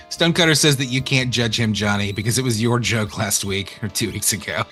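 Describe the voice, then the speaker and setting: A man with an East Texas accent, co-hosting a casual game stream, reading chat aloud and joking with a lively, laughing manner. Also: medium pitch, moderate pace, faint music behind. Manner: animated, jokey, laughs often, reads chat aloud.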